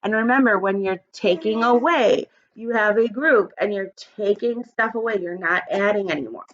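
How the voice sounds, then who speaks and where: A woman kindergarten teacher reading a picture book aloud and giving an online lesson, animated and encouraging, from home on a webcam. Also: mid-range voice, moderate pace, dull audio. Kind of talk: read-aloud and virtual lesson.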